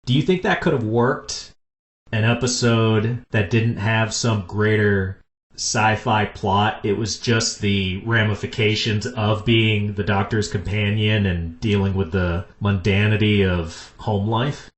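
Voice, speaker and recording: A man hosting a podcast in casual chat, enthusiastically pitching ideas. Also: steady tone, measured pace. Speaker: podcast host. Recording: echoey room.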